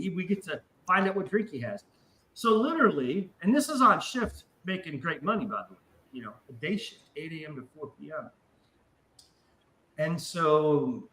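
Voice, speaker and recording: A man's voice: fairly high pitch, sharp tone, slight background noise, low-quality recording. A man in his forties hosting a casual show, rambling and swearing through a story. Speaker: podcast host. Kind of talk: casual chat.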